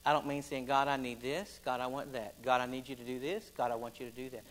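A man preaching a folksy sermon, building to loud, emphatic stretches. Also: medium pitch, little pitch movement, fast, rough recording. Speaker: pastor.

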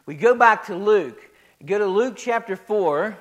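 A man's voice: sits high, animated, a little slow. A male pastor preaching a sermon in a folksy way, repeating phrases as his voice swells and drops.

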